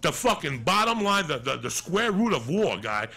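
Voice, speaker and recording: A middle-aged man, a stand-up comedian, telling loud, profane, rapid-fire stories in a rant. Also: on the high side, very animated, breathy edge.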